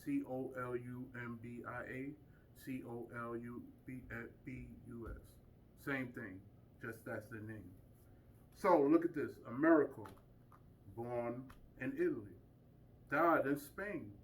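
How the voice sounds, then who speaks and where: A man's voice: medium pitch, measured pace. Emphatic man lecturing from a distance. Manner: emphatic, asks rhetorical questions. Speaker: community speaker teaching a group. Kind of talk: informal lecture to a small audience.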